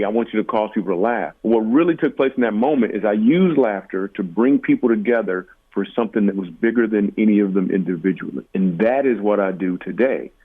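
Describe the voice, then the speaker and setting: A man with a somewhat low voice tells stories in a loose, jokey way and pokes fun at himself. His voice comes through narrow and tinny, like a phone call. He talks as a guest on a chat show. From Michigan, USA. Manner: animated, jokey, self-deprecating. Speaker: comedian guest. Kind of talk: casual interview storytelling.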